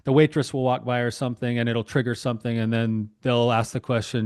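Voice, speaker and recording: A man speaking as a couples therapist in a podcast interview, calmly explaining with examples. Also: mid-range voice, fairly quick, hardly any pauses, clean tone, dry recording, clean studio sound. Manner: calm, explanatory, gives examples.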